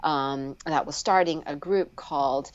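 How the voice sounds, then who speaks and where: Lively woman telling her story over muffled audio. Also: sits low. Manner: animated, acts out quoted voices with sharp upward leaps and laughter; frequent fillers and restarts, slows down on heavy moments. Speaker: guest, speech pathologist. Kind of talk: candid personal storytelling in a live interview. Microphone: video call.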